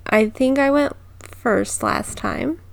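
Giggly woman podcast host with a creaky voice. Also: sits high, takes it slowly, slight background noise. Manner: giggly, playful, lightly hesitant. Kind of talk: casual chat.

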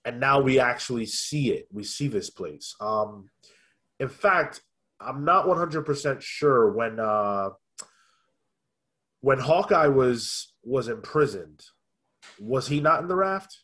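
A man co-hosting a podcast, chatting casually in a thoughtful way, often pausing with ums and restarting his sentences. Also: medium pitch, animated, fairly bright tone. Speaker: podcast co-host. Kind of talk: casual review chat.

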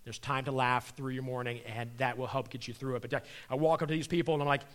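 A middle-aged man, a comedian and magician, giving a comedic Christian talk and telling stories with animated energy. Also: medium pitch, quick pace, hardly any pauses. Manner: animated storyteller acting out voices.

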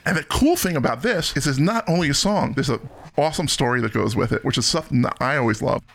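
A man's voice: mid-range voice, lively intonation, quick pace, creaky, a bit bright. A middle-aged man hosting a podcast, chatting casually and enthusiastically about music and laughing often. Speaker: podcast host.

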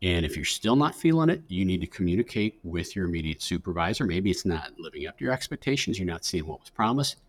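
A man's voice: low-pitched, very animated, fast talker, hardly any pauses. A middle-aged man from the United States, a career services director speaking as a podcast guest, giving earnest advice with frequent restarts. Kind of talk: conversational podcast interview.

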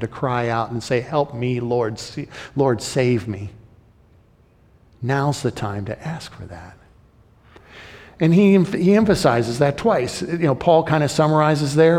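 A man delivers a sermon with earnest, repetitive emphasis, swinging between loud urging and hushed intimacy. His voice sits at an ordinary middle pitch and trails off into a long reverb, as in a large hall. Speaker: preacher.

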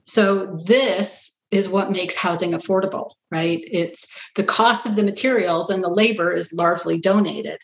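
A middle-aged woman family physician telling stories in an earnest conversational interview, animated when she quotes others. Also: fairly low pitch, normal speed, vocal fry, hardly any pauses. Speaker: family physician, practice founder. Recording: roomy echo.

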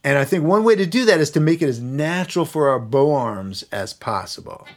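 A man with a slightly raised voice explains music technique as a podcast guest. He talks things through thoughtfully, pausing to find his words, and now and then sings rhythms to make his point. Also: fairly high pitch, expressive. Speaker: guest, electric violinist and teacher.

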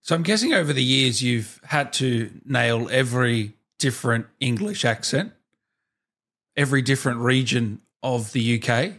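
Guy hosting a chill video call interview, really lively up-and-down voice, friendly. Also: medium pitch, normal speed. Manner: friendly, laughs along. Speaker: interviewer host. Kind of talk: casual interview chat.

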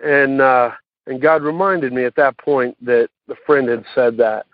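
A man's voice: mid-range voice, no echo. Man sharing his story over a tinny phone line. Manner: halting, many fillers and restarts. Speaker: recovery meeting speaker. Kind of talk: personal recovery share. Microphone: phone call.

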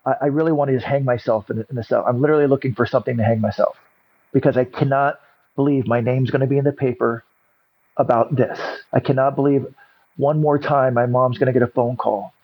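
A man's voice: medium pitch, steady tone, brisk, husky, highs cut off. A middle-aged man, a recovery coach, telling his story in an interview and acting out other people's lines. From California. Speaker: podcast guest, recovery coach.

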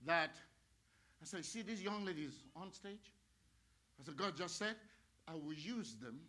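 A middle-aged male pastor preaching a sermon, swinging between hushed, slow talk and loud shouted praise. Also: sits high. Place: church sanctuary. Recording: live church sound with music and crowd. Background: music and congregation.

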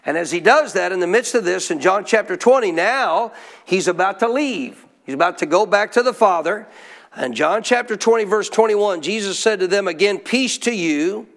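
High-pitched preacher guy quizzing his church, call-and-response style. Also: animated, normal speed. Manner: call-and-response preaching, asks the congregation questions. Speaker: pastor. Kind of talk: sermon.

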